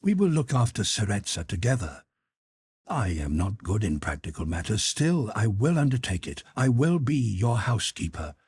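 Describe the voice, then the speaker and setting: A man's voice: on the low side, big pitch swings, normal speed, darkish tone, slightly rough, dry recording, heavily acted. A man voicing a pious, ecstatic older countess who consoles in a fervent, preaching manner. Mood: consoling. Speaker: character in audiobook.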